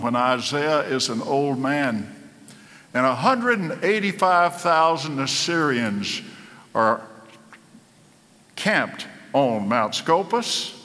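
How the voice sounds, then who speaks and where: A man preaching a sermon, slow and dramatic, building to emphatic peaks. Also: a little high, sharp tone. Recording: echoey hall.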